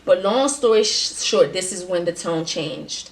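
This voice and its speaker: A woman in her twenties telling a storytime vlog in a casual, animated and sassy way, full of slang. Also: on the low side, a little slow, few pauses, recorded from a distance. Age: 20s. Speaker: vlogger. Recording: roomy, off-mic.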